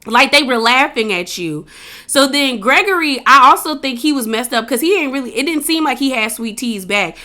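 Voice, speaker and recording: A woman casually recapping a reality show episode, chatty and opinionated, with slangy, animated retelling. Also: high voice, normal speed.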